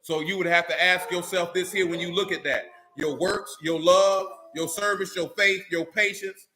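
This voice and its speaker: A man's voice: high voice, fairly even intonation, normal speed, sharp tone, slight background noise, low-quality recording. A man delivering an informal sermon, mixing blunt street slang with scripture reading and questions to his listeners. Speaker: teacher of a religious assembly.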